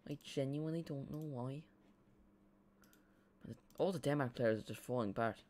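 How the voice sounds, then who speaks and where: A young man with an Irish accent, talking casually over a live football match. He rambles from one thought to the next and gets excitable when the play catches his eye. His pitch sits in an ordinary middle range. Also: moderate pace. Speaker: streamer. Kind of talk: live football watch-along chat.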